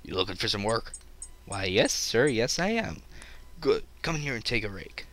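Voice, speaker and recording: A man's voice: fairly low pitch, big pitch swings, normal speed, fairly bright tone. A man voicing a curt, bossy stable master in a game.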